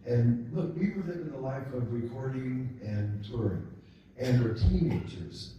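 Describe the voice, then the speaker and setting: A man in his sixties speaks emphatically and informally to an audience, reminiscing. His mellow voice moves animatedly up and down. It echoes around a large hall, heard from some distance. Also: mid-range voice, expressive, a little slow, dull audio, a little hiss or hum. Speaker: guest speaker at a ceremony.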